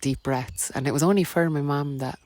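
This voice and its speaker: A woman's voice: sits low, a little fast, darkish tone. A woman with an Irish accent, a podcast guest telling a personal story in a rambling, filler-heavy way with frequent laughs. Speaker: podcast guest, wellness coach.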